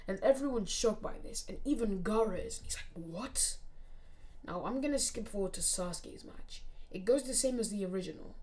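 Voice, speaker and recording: A woman's voice: mid-range voice, darkish tone. A young woman casually narrating a fan-made anime story, often dropping to a near whisper.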